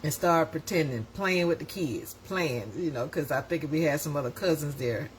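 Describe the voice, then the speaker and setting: A woman, hosting and telling a story in a casual, animated way, often laughing and acting out voices. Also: low voice, moderate pace, slight background noise. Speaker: host.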